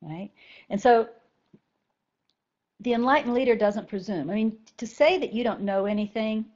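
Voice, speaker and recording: A woman teaches a group in a relaxed, conversational way. She keeps checking in with her listeners and gets animated when she makes her points. The recording sounds a little dull and lo-fi. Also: on the high side, moderate pace. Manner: conversational, often asks "right?". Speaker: spiritual teacher. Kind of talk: talk to a group of students.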